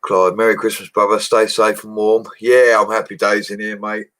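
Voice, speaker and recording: A young man who works as a bricklayer hosts a casual home livestream, replying to comments from viewers with easygoing, slangy chatter and frequent laughter. His delivery is flat and moderately paced, in a lowish voice that sounds a bit bright.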